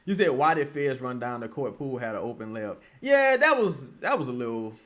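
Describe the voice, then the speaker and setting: A man livestreaming his reaction to a basketball game, talking casually with lots of profanity, muttering one moment and yelling the next. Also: mid-range voice, very animated, fairly quick. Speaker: streamer reacting to a live game.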